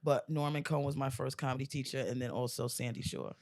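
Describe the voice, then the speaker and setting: A woman in her forties, a comedian guest, telling a long joke in casual podcast chat, animated and laughing often. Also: extremely low pitch, fast talker. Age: 40s. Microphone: studio mic.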